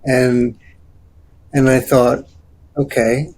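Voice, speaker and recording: An older man tells his story as an interview guest, circling back and restarting his sentences. His voice is dark and mellow with a husky, gravelly texture. He speaks at a slow, deliberate pace. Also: medium pitch, little pitch movement. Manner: halting, many restarts and fillers. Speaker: guest telling his near-death story.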